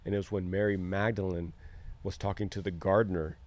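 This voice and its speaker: A man's voice: deep voice, level tone, a little fast, a little mellow. A middle-aged man, talking earnestly in a casual podcast chat and acting out quoted lines as he tells a story. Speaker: podcast co-host.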